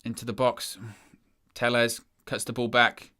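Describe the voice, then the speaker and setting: A man commentates live over a match, ranting with weary sarcasm about his side. His voice is bright and forward, and his delivery swings between flat disbelief and raised frustration. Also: mid-range voice, measured pace. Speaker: fan channel presenter.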